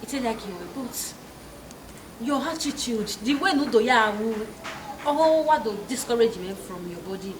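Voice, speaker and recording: A woman's voice: a little high, expressive, moderate pace, background noise, lightly acted. An actress with a Nigerian Pidgin accent playing a young woman who sharply brushes off a pushy suitor. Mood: hesitant. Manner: sharp, dismissive. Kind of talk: comedy film acting. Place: outdoor residential compound.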